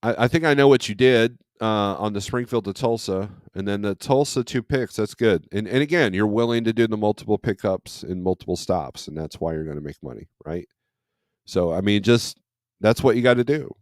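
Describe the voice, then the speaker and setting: Broadcasting from home, not from a truck, this trucker and livestream host chats casually in the morning, meandering and reading out viewers' comments. He speaks at normal speed in a lowish, darkish voice, with studio-quality audio and no echo.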